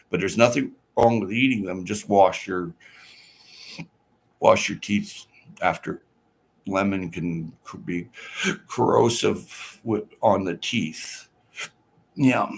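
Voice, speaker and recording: Vocal fry colors this man's fairly low-pitched voice. Hosting an informal livestream, he chats along, reading viewer comments out loud and answering them in a laid-back way.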